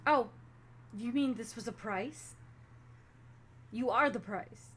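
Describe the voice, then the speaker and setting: A woman narrating a tabletop vampire game as game master, animated and quick to laugh. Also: a little high, a little hiss or hum.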